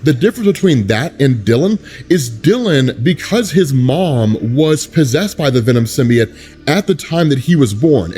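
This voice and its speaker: A man's voice: mid-range voice, animated, normal speed, mellow, faint music behind. A man in a casual, conversational style, explaining a comic book story and often adding asides like "right?". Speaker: comic book recap host.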